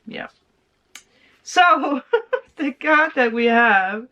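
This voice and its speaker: A woman's voice: high voice, very slow, pauses often, bright, forceful tone. A woman giving a casual tarot reading, chatty and laughing often as she acts out people's reactions. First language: Danish. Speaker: tarot reader. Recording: slightly dull lo-fi sound.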